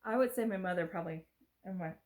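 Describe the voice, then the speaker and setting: A woman's voice: fairly low pitch, quick pace, darkish tone. Chatty homey woman vlogger. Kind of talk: casual chat.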